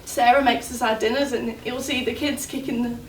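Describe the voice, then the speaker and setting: An actress playing a young woman grieving for her injured fiancé, speaking in a halting, tearful stage monologue. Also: a little high, fairly even intonation, natural voice. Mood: tender. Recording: roomy, distant mic, faint noise.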